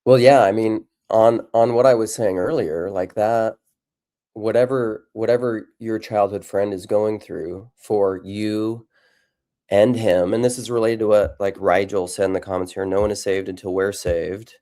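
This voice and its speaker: A man's voice: lowish voice, steady tone, a little slow, warm tone. A man hosting a live discussion on theology, thinking aloud with frequent restarts and reading out viewer comments. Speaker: podcast host.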